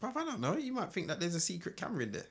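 A man co-hosting a casual podcast chat, chipping in with quick remarks. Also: high-pitched, huge pitch swings, husky. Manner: quick interjections, laughs along.

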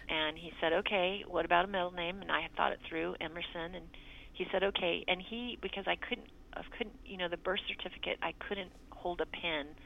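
A woman's voice: on the low side, fairly even intonation, fairly quick, gravelly, muffled recording, slight background noise. A middle-aged woman, a mother, telling her grown child a personal story in an earnest way and acting out the quoted dialogue. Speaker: mother recounting a birth story.

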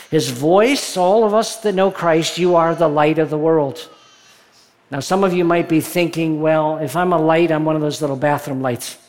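This male pastor's voice is high-pitched as he preaches conversationally, reading scripture aloud and now and then rising with excitement.

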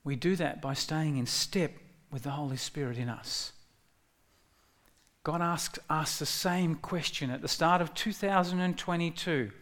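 A male pastor delivering a sermon in an easygoing, conversational way. His voice sits a little higher than most men's, and he breaks into excited, lifted tones when he quotes. He often restarts his phrases as he talks. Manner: conversational, animated when quoting God, halting restarts.

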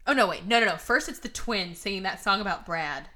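Lively bright-voiced woman podcast host. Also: medium pitch, a little fast. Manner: animated, laughing, swearing, acts out quotes. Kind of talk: casual chat.

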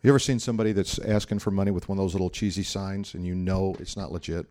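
A man's voice: sits low, fairly even intonation, quick pace, dark tone. A middle-aged man preaching a sermon in a conversational, storytelling way, acting out the voices of people he quotes. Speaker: pastor.

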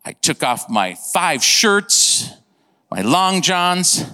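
A man preaching a sermon, telling a funny story in an animated, comic way and acting out sound effects. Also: high-pitched, extremely slow, big-room sound. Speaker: pastor. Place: church.

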